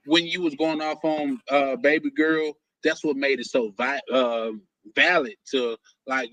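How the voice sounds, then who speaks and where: A man's voice: fairly high pitch, bright, forceful tone, dry recording, poor audio. A man hosting a casual live stream chat, joking, stumbling over and repeating words, and laughing often.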